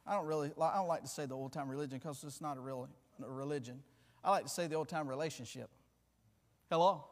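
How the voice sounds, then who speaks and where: High-voiced man preaching in a hall. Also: lively intonation, fairly quick. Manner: fervent, repeats words, swings between loud and hushed. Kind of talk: sermon.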